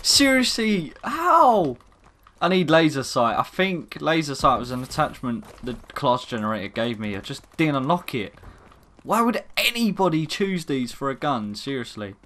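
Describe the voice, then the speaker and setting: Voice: mid-range voice, lively intonation, normal speed, fairly bright tone. A gaming commentator talking over gameplay, exasperated and ranting at the game.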